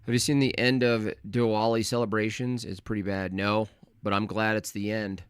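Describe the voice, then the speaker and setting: A man hosting a live stream, ranting in a mocking, crude and animated way. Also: fairly low pitch, moderate pace, smooth, dry recording. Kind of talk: casual live stream rant.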